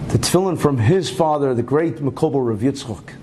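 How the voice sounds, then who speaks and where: A male rabbi giving a Torah lecture as an animated storyteller, with asides and rhetorical questions. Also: mid-range voice, a little fast, slight background noise, low-quality recording.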